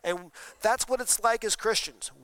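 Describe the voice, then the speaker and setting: Pastor, male, sermon delivery, smooth clear voice, slightly higher pitch, dry close sound, talks with the congregation. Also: normal speed, fairly bright tone, low-quality recording. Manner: conversational preaching with questions to the congregation. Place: church sanctuary during a service.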